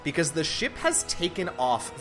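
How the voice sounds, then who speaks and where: A man's voice: fairly high pitch, wildly swooping pitch, moderate pace, sharp tone. A man running a tabletop game as game master, narrating with playful asides and frequent laughter. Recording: podcast with music underneath.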